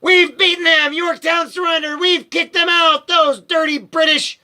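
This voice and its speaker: A man voicing a cantankerous ancient grandmother who croaks and shrieks in a storybook reading. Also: sits high, animated, normal speed, sharp tone, voice pushed up. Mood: shrieking.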